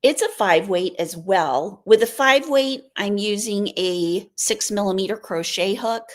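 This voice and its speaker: A woman's voice: medium pitch, measured pace. An American woman hosting a casual live stream, chatting in a rambling way and answering viewer comments. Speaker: livestream host.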